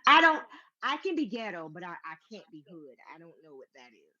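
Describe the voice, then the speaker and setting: Sassy, animated woman. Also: on the low side, fairly quick, highs cut off. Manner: animated, sassy, laughs often. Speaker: podcast host. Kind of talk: casual chat.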